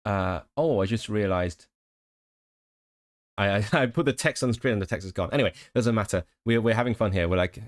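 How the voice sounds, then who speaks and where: A man's voice: fairly low pitch, fairly quick. A man chatting casually with his live-stream viewers, rambling with frequent laughs and restarts.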